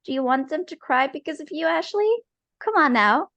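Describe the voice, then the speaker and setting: A controlling father from a tabletop game story, played by a woman. He speaks in a raised, soothing tone that is falsely gentle. He presses his demands over and over. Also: sits high, animated, normal speed, no room sound, dull audio, pitched above the performer's own voice. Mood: coaxing stern. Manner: coaxing, insistent, falsely gentle.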